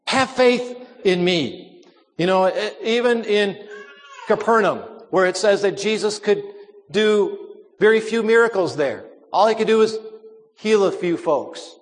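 A man's voice: high-pitched, long reverb tail. A man preaching a sermon, earnest and emphatic, repeating his key phrases.

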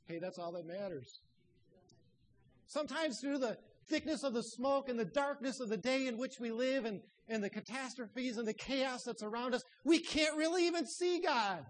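A man preaching a sermon, telling stories and dropping his voice low and soft for emphasis. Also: animated, normal speed, rough recording. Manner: storytelling preacher who drops to hushed tones.

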